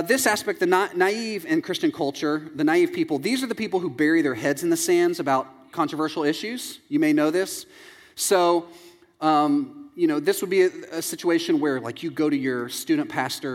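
A man in his thirties preaching a sermon, animated and jokey, acting out little scenes as he tells them. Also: a little high. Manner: animated, jokey storytelling with acted-out quotes. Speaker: pastor. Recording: long reverb in a large hall.

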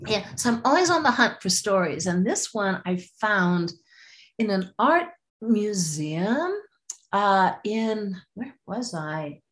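A woman guest on a podcast interview, telling a fable in a lively way and acting out voices. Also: medium pitch, takes it slowly. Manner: lively, acts out voices, frequent restarts. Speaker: storyteller guest.

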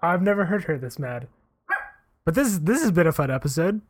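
A man's voice: fairly high pitch, lively intonation, a little fast, slightly rough. A man co-hosting a podcast, reacting in a laid-back, amused way in casual chat. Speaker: podcast co-host.

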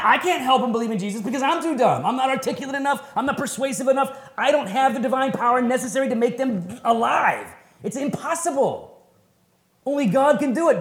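A man preaching a sermon at a men's retreat, animated and conversational, with folksy slang and laughing asides. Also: high voice, echoey room. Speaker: pastor.

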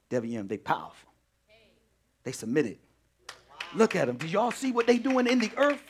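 Animated high-voiced preaching man. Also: husky. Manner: call-and-response preaching, drawn-out phrases, laughs with the audience. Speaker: pastor. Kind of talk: lively Bible-study sermon.

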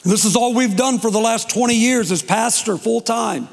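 A man preaching from a platform, his voice sitting high for a man. He shares his testimony with emotion and drawn-out pauses, and the sound rings out with a long reverb from a large church hall. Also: vocal fry. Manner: emotional storytelling with dramatic pauses. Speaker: pastor. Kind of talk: testimony sermon. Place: church sanctuary.

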